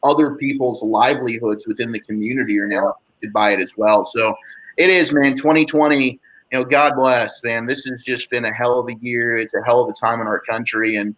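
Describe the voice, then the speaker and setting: A man's voice: mid-range voice, fairly even intonation, brisk, a bit bright, poor audio. A man guesting on a sports podcast, talking with heated, swearing rants and many "you know" fillers. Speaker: guest sports radio host. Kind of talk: casual sports podcast chat.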